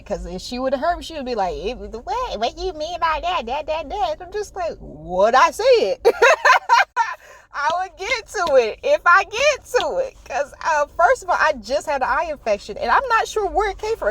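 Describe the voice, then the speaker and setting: A woman vlogging a casual, animated rant while she drives, swearing and laughing often. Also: high-pitched. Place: in a car while driving. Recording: road noise from driving car. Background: car and road noise.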